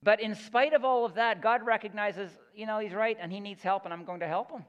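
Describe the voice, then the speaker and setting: Guy giving a sermon, kinda high voice, earnest and emphatic, stumbles over repeated words, echoey hall, muffled lo-fi sound. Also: brisk. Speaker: pastor.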